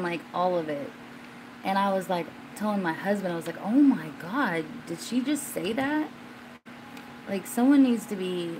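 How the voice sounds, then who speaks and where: Woman host, unhurried casual stream chat, rambling with fillers, faint room hum behind. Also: medium pitch. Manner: rambling, with many fillers and restarts; gets suddenly excited and loud at times. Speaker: livestream host answering viewers.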